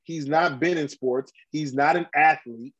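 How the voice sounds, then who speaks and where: A man's voice: fairly high pitch, a little slow, a bit bright, slightly rough, dull audio. A man hosting a casual podcast chat, ranting bluntly and heatedly in slang with many restarts. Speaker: podcast host.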